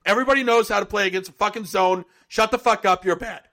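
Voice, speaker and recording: A man's voice: high voice, quick pace, pushed and bright. A man co-hosting a sports podcast, talking in a ranting, sarcastic, profane way. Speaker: podcast co-host. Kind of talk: casual sports chat.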